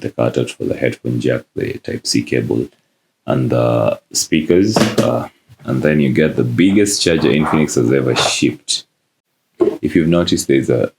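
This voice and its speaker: A man with a very deep, gravelly voice talks through an unboxing in a relaxed, casual way. He pauses often on "uh" as he goes. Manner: relaxed, many "uh" fillers. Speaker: tech reviewer.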